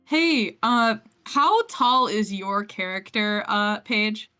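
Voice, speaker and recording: A woman's voice: mid-range voice, expressive, slow pace, sharp tone, clear, resonant tone, soft background music. A woman narrating a tabletop game as game master, playful and teasing the players.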